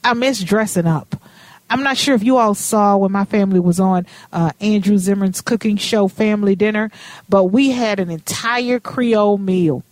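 A woman's voice: mid-range voice, moderate pace, no echo. A woman hosting a radio talk show, chatty and personal, calling her guest honey and baby. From Minnesota. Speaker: radio host.

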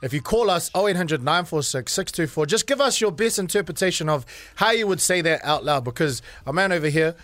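A high-voiced man hosts a breakfast radio show. He banters upbeat and hypes up callers. His voice sits high for a man. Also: expressive, fairly quick, few pauses, a bit bright, no room sound.

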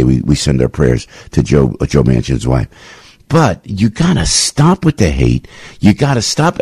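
Male talk radio host, husky, low-pitched voice, lively and emphatic, dry close mic. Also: no room sound. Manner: animated, repetitive, emphatic. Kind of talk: political talk radio chat.

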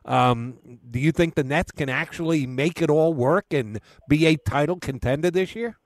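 Gravelly-voiced male radio host. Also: a little high, normal speed, dry recording. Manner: conversational, asks long questions. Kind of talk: sports radio interview.

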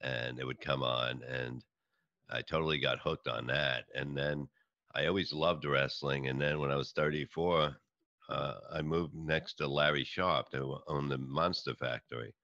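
A middle-aged New man with an extremely low voice that still has a sharp, forceful edge. He tells stories in a rambling, halting way, restarting his sentences often. The recording is dry and a little muffled. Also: fairly even intonation, no room sound. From New York. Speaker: comedian and podcast guest. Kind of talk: casual interview chat.

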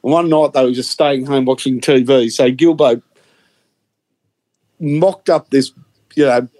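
A man's voice: mid-range voice, steady tone, a little slow, a little mellow. A man telling a story in casual podcast chat, full of hesitations and restarts. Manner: chatty, hesitant anecdote teller.

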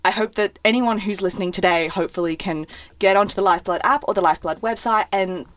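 A young woman chats as a podcast co-host, eager and full of fillers. Her voice sits at a middling pitch. The recording is close and dry, with no room sound. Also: fast talker, no echo. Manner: chatty, enthusiastic, with many fillers. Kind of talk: casual podcast chat.

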